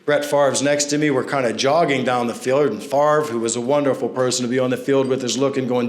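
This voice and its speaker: A man's voice: medium pitch, steady tone, brisk, hardly any pauses. A man speaking at a fundraising event, telling anecdotes with self-deprecating humor into a stage microphone. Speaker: NFL referee and guest speaker. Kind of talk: storytelling speech at a fundraiser. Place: large banquet room at an event. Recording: echoey event hall.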